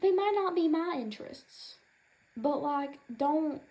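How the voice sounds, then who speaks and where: High-pitched lady ranting as a protective mama, sassy and rambly, lots of noise behind her. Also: lively intonation, slow pace. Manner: sassy, rambling, indignant, with Southern-style turns of phrase. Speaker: channel creator in character as a proud mother. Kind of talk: comedic in-character rant to camera. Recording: noticeable background noise.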